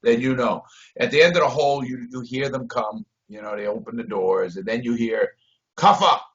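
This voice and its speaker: A man's voice: mid-range voice, steady tone, a little fast. Blunt, profane man on a dull call. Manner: blunt, profane, swings loud and soft. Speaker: interview guest. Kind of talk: profane storytelling over a video call. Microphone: video call. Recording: dull lo-fi video call audio.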